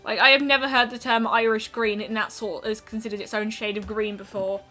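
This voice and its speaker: A woman talking her way through a game stream with a bright, slightly high voice. She muses aloud, often pausing on an "um" before finishing a thought, while soft game music plays behind her. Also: flat delivery. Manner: chatty and musing, trailing off with frequent ums. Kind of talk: casual gameplay commentary.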